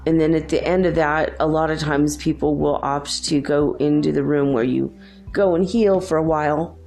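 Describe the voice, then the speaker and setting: A woman's voice: low-pitched, steady tone, normal speed, a little mellow, faint music behind. A woman host telling a spiritual story in a casual, earnest and reassuring way, with many fillers. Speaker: podcast host.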